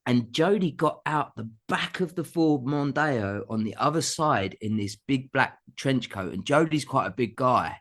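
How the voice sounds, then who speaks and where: A middle-aged man from England, a guest musician telling an anecdote in a casual chat, animated and full of laughs and acted-out quotes. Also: mid-range voice, unhurried, hardly any pauses. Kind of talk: casual storytelling.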